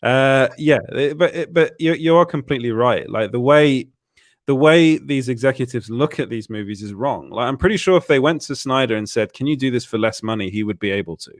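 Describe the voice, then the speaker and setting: A man's voice: medium pitch, fairly quick, no echo, studio quality. A man hosting a casual live-stream chat, often repeating words as he restarts his sentences. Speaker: show host.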